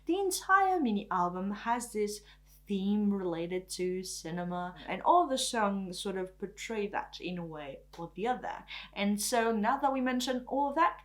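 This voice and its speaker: A woman's voice: medium pitch, expressive, measured pace, a bit bright. Chatty French-speaking woman reviewing music. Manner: enthusiastic, chatty, often says "freaking". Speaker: K-pop reviewer. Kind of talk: casual album review.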